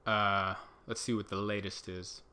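A man doing a casual comedic monologue, rambling and exasperated, jumping into high mock outbursts. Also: level tone, measured pace, bright, forceful tone, clean tone. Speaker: comedian host.

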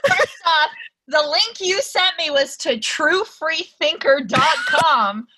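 Wry bright woman co-host, deadpan and teasing, cussing. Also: sits high, slow. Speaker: podcast co-host. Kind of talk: casual comedic chat.

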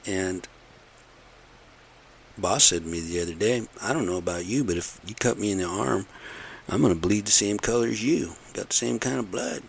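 A man's voice: on the low side, normal speed, vocal fry, a little hiss or hum. A middle-aged man in a casual, rambling monologue, blunt and aggrieved, repeating himself as he rants. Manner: aggrieved, blunt, repetitive ranting.

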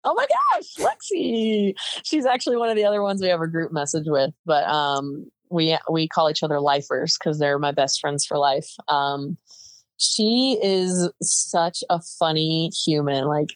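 Casual young female guest, low voice, rapid chatty delivery, dry close mic. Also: no room sound. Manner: chatty, fast bursts with many fillers. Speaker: podcast guest, softball player. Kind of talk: casual interview chat.

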